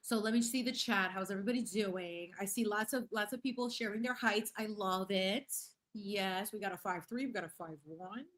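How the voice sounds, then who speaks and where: A woman hosting a casual livestream chat with her viewers. She talks in a lively, slangy way, slipping Spanish phrases into her English, and her voice sits in an ordinary middle pitch. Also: moderate pace, hardly any pauses. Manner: laughs often and reads chat aloud. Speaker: livestream host.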